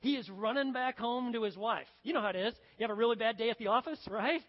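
High-voiced preacher in a reverberant hall. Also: male voice, fast talker. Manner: conversational, storytelling preacher who acts out scenes. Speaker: pastor. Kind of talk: sermon. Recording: dull sound with long reverb.

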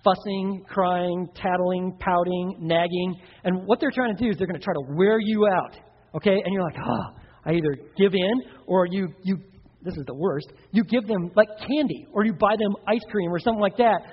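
Male pastor, high and slightly husky, animated sermon delivery, dull echoey hall recording. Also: normal speed. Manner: animated, acts out kids and parents in playful voices. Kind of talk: sermon on parenting. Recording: dull sound with long hall reverb.

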